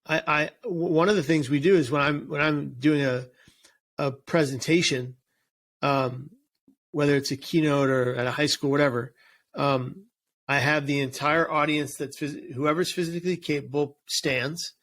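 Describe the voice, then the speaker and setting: A man's voice: on the high side, steady tone, moderate pace, fairly bright tone. A man speaking as an interview guest and suicide prevention speaker, earnest and emphatic, often restarting and repeating words. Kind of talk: casual interview chat.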